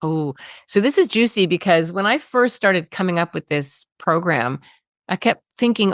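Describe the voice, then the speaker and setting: A woman, a parenting expert telling stories in an interview, animated, acting out quotes and laughing often. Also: on the low side, unhurried, no echo, studio quality. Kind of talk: conversational storytelling interview.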